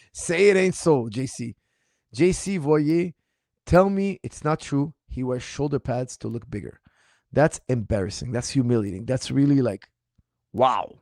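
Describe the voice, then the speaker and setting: A man coaching martial arts who answers viewer questions in a casual livestream, speaking in an animated, incredulous and mocking way, his voice slightly strained. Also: medium pitch, dry recording, clean studio sound.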